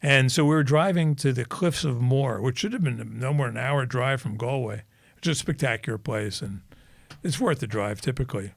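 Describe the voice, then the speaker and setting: A man in casual podcast chat, rolling from one anecdote into the next and laughing at his own punchlines. His voice has a gravelly fry and sits in the middle of the male range. The recording is dry and close. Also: mid-range voice, brisk, no room sound. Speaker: podcast co-host.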